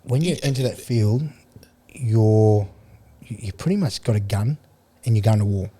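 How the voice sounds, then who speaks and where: A man's voice: lowish voice, moderate pace, dark tone, husky. An Australian man in his forties from Queensland, a guest on a podcast, telling rambling stories full of slang and laughter. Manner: rambling, laughs through anecdotes, blokey slang. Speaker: podcast guest, former rugby league player. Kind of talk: casual storytelling. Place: radio studio.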